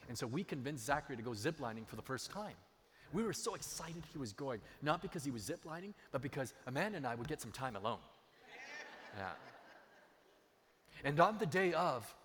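A man's voice: medium pitch, a bit bright. A man preaching a sermon. He tells personal stories and repeats key phrases for emphasis. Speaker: pastor. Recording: long hall reverb.

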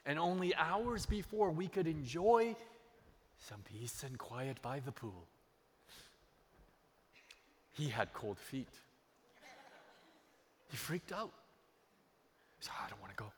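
A man's voice: a little high, animated, slow, pauses often, slight background noise. Male pastor preaching in a reverberant hall. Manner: emphatic, repeats phrases for effect. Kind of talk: sermon with personal storytelling.

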